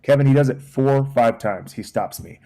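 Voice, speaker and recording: A man's voice: mid-range voice, fairly quick, mellow. A man in his forties from Texas, a guest on a podcast, telling a story and acting out other people's lines, repeating phrases for emphasis. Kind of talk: casual storytelling chat.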